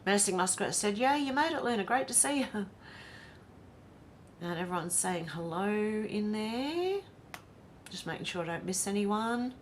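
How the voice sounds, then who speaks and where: A woman's voice: mid-range voice, expressive, moderate pace, slight background noise. An Australian woman hosting a casual livestream, reading viewer comments aloud and greeting each by name. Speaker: livestream host reading chat.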